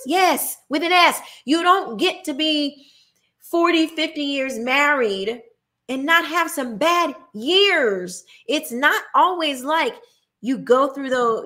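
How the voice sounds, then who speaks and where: Slightly high and fairly bright in tone, this woman's voice belongs to the host of her own show. Her monologue is emphatic and preachy, and she ridicules those she quotes.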